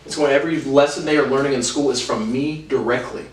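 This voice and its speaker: A man angrily ranting through a personal story, swearing constantly and stumbling over restarts. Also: mid-range voice. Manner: profane, agitated, heavy swearing; halting restarts. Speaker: vlogger. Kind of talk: storytelling rant. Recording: roomy, distant mic.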